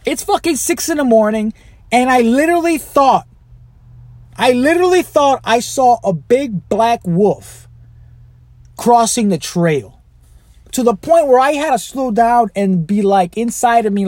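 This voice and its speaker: A man with a high voice tells a rambling, profane story on his podcast, swearing freely as he goes. His pitch swings widely. The sound is dry and close, with little room around it. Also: expressive, a little slow, a little mellow, no echo. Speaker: podcast host. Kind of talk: casual monologue.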